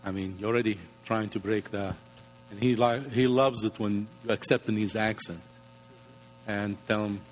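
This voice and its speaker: A man's voice: on the low side, steady tone, moderate pace, a little hiss or hum. A man, a guest speaker, giving practical advice in a plainspoken way with slightly nonstandard grammar. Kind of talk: conversational advice. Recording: reverberant room.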